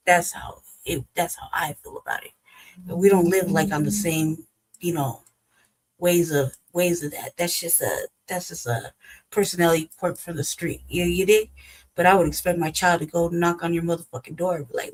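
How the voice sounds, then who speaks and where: Woman host with African American English, blunt and profane, lower voice, casual reaction talk. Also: fairly even intonation, moderate pace, rough recording. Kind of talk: casual commentary.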